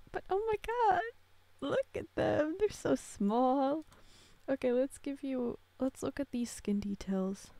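Young female gamer, excitable and gushing; high, gravelly edges, close dry mic. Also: dry recording. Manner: gushing, excitable, coos at tiny characters. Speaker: gaming creator. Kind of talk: casual gameplay commentary.

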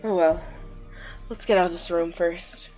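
A young woman gamer gives slow, unhurried commentary in a lowish voice, reading the game text aloud as she goes. Her tone is offhand. The recording is slightly muffled, with faint game music underneath. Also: steady tone, darkish tone. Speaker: let's play gamer.

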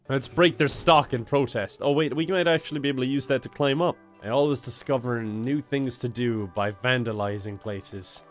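A man's voice: mid-range voice, normal speed, hardly any pauses, faint music behind. A young Irish man doing comedic let's-play commentary, sarcastic, swearing and self-mocking. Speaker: gaming video host.

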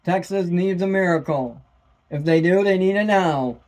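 A man giving casual live play-by-play commentary as a fan, excitable and bursting into shouts at big plays. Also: high-pitched, normal speed. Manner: casual fan talk, repeats "wow". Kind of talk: amateur live sports commentary.

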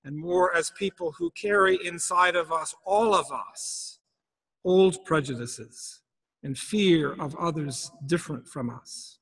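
Male preacher, unhurried, reflective questioning delivery; long reverb from the church. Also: a little high, very animated, gravelly, a bit bright, breathy edge. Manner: reflective, asks many questions. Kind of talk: sermon.

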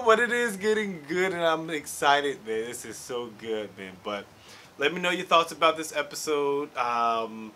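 A man hosting an anime reaction video, talking in an excitable, slangy way and swearing freely. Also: on the high side, normal speed. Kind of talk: casual reaction commentary. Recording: slightly distant mic, faint show audio.

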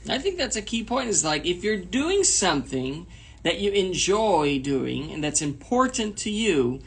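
A man with a gravelly, husky, slightly high voice co-hosts a casual talk show. He talks things through in a reflective way, explaining his point at length. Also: very animated, a little slow. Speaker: co-host. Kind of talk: casual chat.

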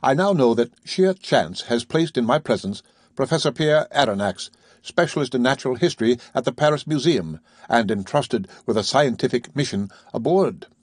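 A man reading the lines of an aloof, commanding ship's captain in an audiobook, calm, measured and penetrating. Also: medium pitch, husky, dry recording, clean studio sound.

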